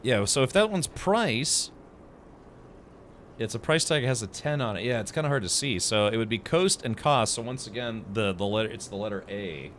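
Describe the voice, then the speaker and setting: A man's voice: lowish voice, animated, moderate pace, fairly bright tone, a little hiss or hum. A man streaming a video game, chatting casually with his viewers in a sarcastic, joking way. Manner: sarcastic, chatty, laughs at his own jokes; talks to chat. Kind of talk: casual live-stream chat while playing.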